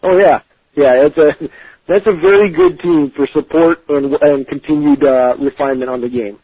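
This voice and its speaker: A man's voice: fairly high pitch, fairly even intonation, normal speed, husky, dry recording, dull audio. A man being interviewed as a game developer, talking casually with many fillers and restarts, choosing his words with care.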